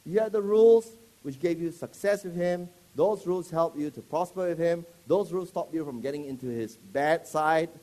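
A man preaching a sermon, animated and mock-serious, often breaking into loud comic asides. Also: on the high side, normal speed, hardly any pauses. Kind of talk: sermon with comic role-play.

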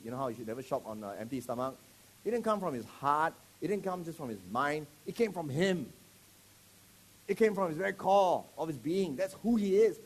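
Male preacher, fairly high voice, lively and jokey, throws questions at the crowd. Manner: animated, joking, quizzes the audience. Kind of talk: sermon to a live congregation.

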